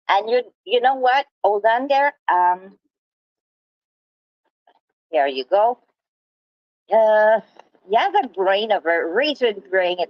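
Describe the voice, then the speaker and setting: A woman in a heated monologue, talking in halting bursts with restarts and insults. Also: medium pitch, no echo, dull audio. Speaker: livestreamer.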